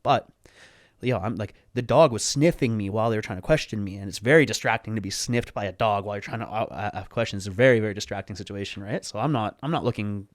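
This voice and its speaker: A man telling a story on a podcast, animated, swearing freely and acting out the people in it. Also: lowish voice, fast, no echo, clean studio sound. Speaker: podcast guest. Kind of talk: casual storytelling.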